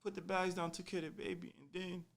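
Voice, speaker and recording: A young man casually telling a personal story on a podcast, animated and full of slang, acting out what people said. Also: high-pitched, rapid-fire. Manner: animated, slangy, acts out quotes.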